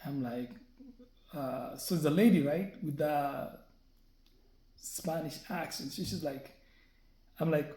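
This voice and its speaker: A fairly high-voiced man tells a story straight to his viewers, chatty and loose, often tossing in a quick "right?" to check they're following. His tone is mellow and soft-edged. The sound bounces around a bare, echoey room. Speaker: vlogger. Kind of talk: casual storytelling to camera.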